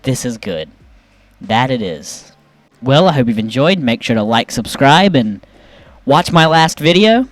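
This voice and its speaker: A man reviewing memes in casual, playful commentary, with sudden jumps up in pitch when he reacts. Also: very animated, unhurried, no echo. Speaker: YouTube meme reviewer.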